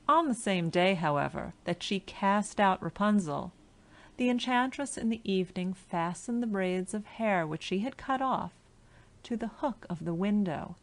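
Woman, audiobook narrator, fairy-tale reading, very slow, lowish voice, clear. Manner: slow, clear storytelling delivery.

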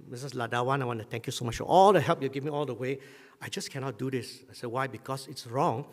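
A man preaching a sermon as pastor, telling a personal story and clearing his throat often. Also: mid-range voice. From Malaysia. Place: church hall. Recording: hall reverb.

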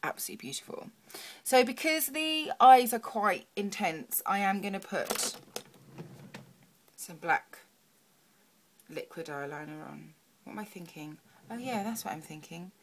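This beauty vlogger, a young woman with a medium-pitched, animated voice, works through a makeup tutorial at a measured pace, pausing often. She chats, mutters to herself, and murmurs softly, with a little hiss or hum in the audio.

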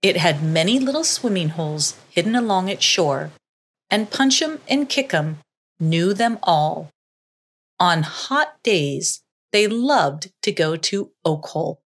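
A woman narrating a children's story in a slow, expressive reading voice. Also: lowish voice, slightly rough.

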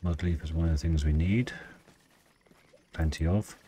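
A man with a very deep, mellow voice thinks aloud while playing a game. His talk is loose and musing, and a faint hiss sits behind it. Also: moderate pace. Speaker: let's play host. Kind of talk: casual game commentary.

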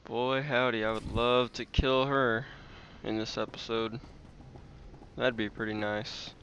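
A man's voice: medium pitch, steady tone, a little slow, fairly bright tone, highs cut off, slight background noise. Rambling man commenting on gameplay. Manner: rambling, chatty with many fillers. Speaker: let's play host.

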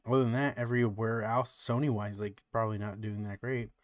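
A man's voice: lowish voice, level tone, fairly quick, dry recording. A man co-hosting a podcast, chatting casually and rambling, with lots of "like" and "you know". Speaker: podcast co-host. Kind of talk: casual chat.

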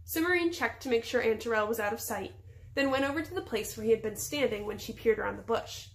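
A woman teacher reading a chapter book aloud to her class in steady storybook narration. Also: a little high, fast.

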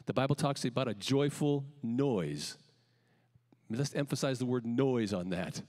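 A man preaching a sermon as pastor, calling out emphatic lines and then letting the ends drop quietly. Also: medium pitch, in a large hall. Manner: emphatic preaching with rising calls and quiet dropped endings. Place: church sanctuary.

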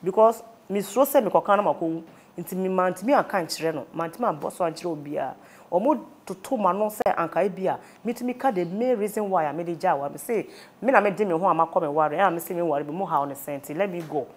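This guest, a woman with a Ghanaian accent and a darkish voice on the low side, earnestly recounts a personal ordeal as testimony. Her words move quickly back and forth between Twi and English.

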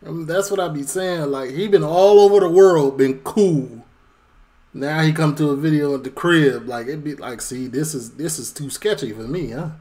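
시카고 억양의 느긋한 남자 리액션 진행자. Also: male voice, a little high, moderate pace, dark tone, a little hiss or hum. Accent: Chicago. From Chicago. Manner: laid-back, joking asides. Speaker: reaction video host. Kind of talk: casual reaction commentary.

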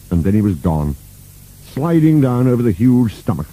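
A man narrating a children's storybook with an expressive, playful reading. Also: mid-range voice, moderate pace, poor audio.

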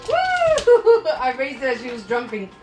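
A woman's voice: on the high side, fast, far from the mic, over loud music, poor audio. A woman filming a pet vlog, praising and coaxing her dog in a playful sing-song voice and giggling often.

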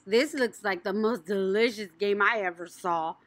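A woman voicing a bossy, excitable little girl in an audiobook, with loud, squealing, childlike exclamations. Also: medium pitch, moderate pace, dry recording, close to an everyday voice. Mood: pushy. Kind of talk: audiobook reading.

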